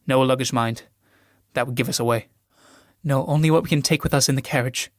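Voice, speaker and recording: A man's voice: medium pitch, steady tone, a little fast, dry recording, clean studio sound, natural voice. A man reading a curt scornful young valet. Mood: curt impatient. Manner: clipped, dismissive commands. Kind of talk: solo reading of a stage play.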